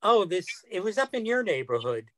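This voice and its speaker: A man in a casual talk-show chat, retelling a news story at a measured pace with wry remarks. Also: sits high, sing-song, no echo.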